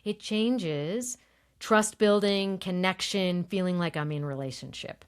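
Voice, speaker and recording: Animated woman voice coach, lowish voice. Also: measured pace, clean tone. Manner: animated, demonstrates voice techniques, laughs easily. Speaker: voice coach guest. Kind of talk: explanatory interview talk.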